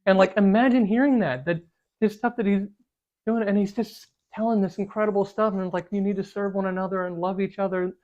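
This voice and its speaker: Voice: medium pitch, steady tone, fairly quick, a little mellow. A co-host of a casual group Bible study who talks animatedly, acts out the quotes, and fills speech with "like.". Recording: slightly dull lo-fi sound.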